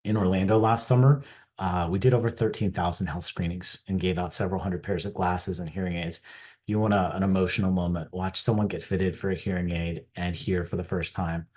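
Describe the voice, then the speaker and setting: Deep-voiced middle-aged American man giving a keynote. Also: a little fast. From United States. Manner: earnest, animated storytelling with voiced quotes. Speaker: keynote speaker. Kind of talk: personal storytelling keynote. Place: conference stage.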